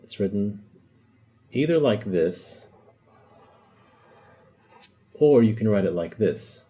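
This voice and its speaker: A man's voice: on the low side, expressive, takes it slowly, dark tone, husky. A man teaching a language lesson, explaining patiently, demonstrating sounds and joking lightly. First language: Arabic. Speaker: Arabic teacher. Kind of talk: casual whiteboard lesson.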